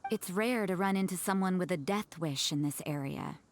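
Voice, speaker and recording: A woman's voice: on the low side, moderate pace, slight background noise, lightly acted. An actress voicing a curt, aloof young woman who is a church sister in a game. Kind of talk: game voice acting.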